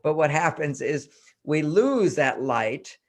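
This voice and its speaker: Animated older man explaining at length. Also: fairly high pitch, slow pace. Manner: animated, repeats phrases for emphasis. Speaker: relationship expert guest. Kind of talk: interview explanation.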